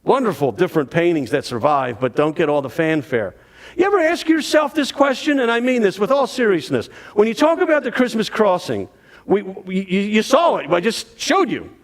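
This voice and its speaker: A man giving a dramatic, animated storytelling talk on history to an audience. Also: high-pitched, normal speed. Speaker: history speaker.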